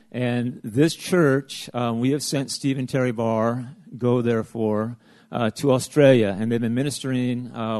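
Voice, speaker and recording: A man's voice: mid-range voice, darkish tone, no echo. Male church leader, loose and rambling with fillers, dry close sound. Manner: rambling, filler-heavy, self-interrupting. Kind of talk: casual church announcements.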